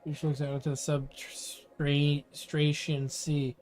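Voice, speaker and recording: A man's voice: medium pitch, normal speed, slight background noise. A man streaming a game, casually muttering commentary to himself as he plays. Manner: relaxed, muttering to himself while playing.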